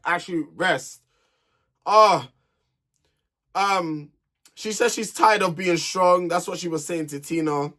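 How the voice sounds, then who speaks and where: A man's voice: on the high side, a bit bright. A young man, reviewing a reality dating show in an exasperated, sassy solo rant. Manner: sassy, exasperated, talks straight at people on the show.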